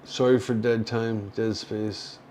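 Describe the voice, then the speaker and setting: Slow, rambling older man on a livestream. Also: on the low side, flat delivery, slight background noise. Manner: halting and rambling, with many fillers and soft chuckles. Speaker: livestream host reading viewer chat. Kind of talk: casual livestream chat.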